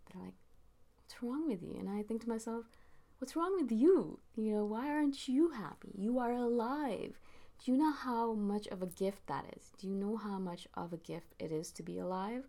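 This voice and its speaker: A woman speaks straight to her viewers in a casual, heartfelt pep talk. Her voice sits on the low side, and she leans on repetition to drive each point home, earnest and emphatic throughout. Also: darkish tone. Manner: earnest, emphatic, repeats phrases for stress. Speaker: spiritual vlogger. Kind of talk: casual motivational monologue to camera.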